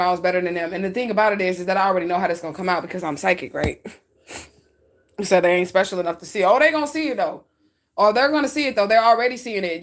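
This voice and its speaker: A woman telling her followers an emotional personal story, raw and outspoken, cursing freely, crying as she talks. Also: medium pitch. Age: adult. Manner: raw, outspoken, profane, tearful at times. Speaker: spiritual reader talking to her followers.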